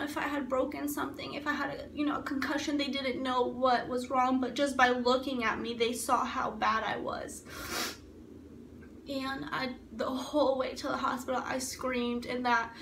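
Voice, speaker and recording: A young woman telling her own story of abuse in an emotional, halting way, often repeating herself. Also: high voice, gravelly. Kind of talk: personal testimony. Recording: echoey room, mic at a distance, faint ambient noise.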